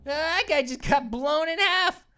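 A woman voicing an excitable, goofy cartoon grape who gives let's-play commentary as a gaming channel host. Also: high voice, measured pace, a little hiss or hum. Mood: excited. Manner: excitable, exclaims and laughs, cartoonish.

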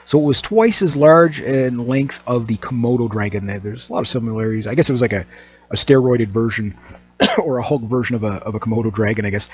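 Husky man rambling on camera. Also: medium pitch. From Canada. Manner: rambling, joking, many fillers and restarts. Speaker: channel host. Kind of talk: casual monologue. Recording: dull lo-fi recording.

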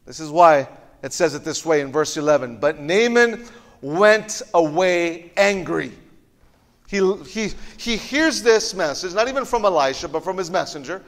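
A man's voice: fairly high pitch, lively intonation, normal speed, fairly bright tone, long reverb tail. A male pastor preaching a sermon in a church, telling the story animatedly and often repeating words as he goes. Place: church auditorium.

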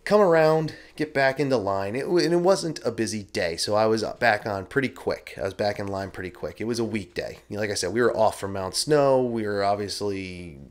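A man's voice: fairly low pitch, brisk, few pauses. A man hosting a podcast, telling a story in a casual, rambling, self-deprecating way and swearing freely. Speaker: podcast host. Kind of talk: casual first-person storytelling.

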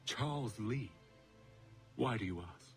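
An actor playing a cold, contemptuous colonial commander in a video game cutscene, speaking in a measured, menacing, condescending way. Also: male voice, on the low side, expressive, faint music behind. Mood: amused menace.

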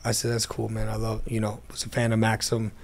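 Recorded in an airplane hangar, this casual interview features a man describing his business journey in a fairly low, gravelly voice at a fairly quick clip. He acts out the quoted lines of others with lively energy.

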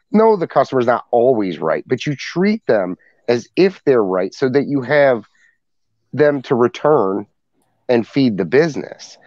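A man's voice: medium pitch, darkish tone, no echo. A man co-hosting a podcast, giving rambling opinions with many restarts and repeated words. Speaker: podcast co-host. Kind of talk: casual opinion chat. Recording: dry, slightly dull lo-fi mic.

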